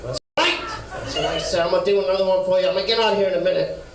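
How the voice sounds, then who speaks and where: A man's voice: high-pitched, very fast. A man doing a crude stand-up set in a brash lounge-act persona, with mumbled asides, at a comedy club. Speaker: stand-up comic. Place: comedy club stage, live. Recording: echoey room heard from far off.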